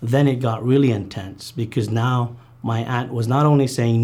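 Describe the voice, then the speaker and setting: A man recounting a painful childhood memory in an interview, earnest and halting, with many fillers and restarts. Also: mid-range voice, steady tone, a little mellow. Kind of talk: personal testimony interview.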